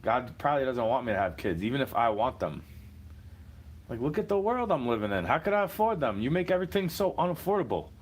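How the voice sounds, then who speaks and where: A man's voice: mid-range voice, sing-song, fast. Sarcastic, profane man ranting. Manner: mocking, mimics opponents. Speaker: livestream host. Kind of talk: unscripted rant. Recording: echoey room, far from mic, faint background ambience.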